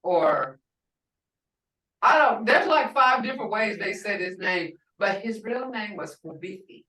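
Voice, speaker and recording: An older woman teaching a language class, speaking slowly and patiently and repeating words for her learners. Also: medium pitch, animated, bright, forceful tone. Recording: roomy and distant from the mic.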